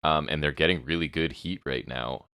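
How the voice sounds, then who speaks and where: A man's voice: extremely low pitch, sharp tone, smooth, dry recording, clean studio sound. A man co-hosting a wrestling podcast, giving opinionated, sarcastic takes in casual chat. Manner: opinionated, sarcastic, quick asides. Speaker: podcast co-host.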